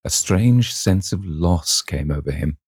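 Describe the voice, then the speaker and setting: A man narrating a classic novel as an audiobook, in a measured, clear reading. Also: sits low, expressive, a little mellow, dry recording, clean studio sound.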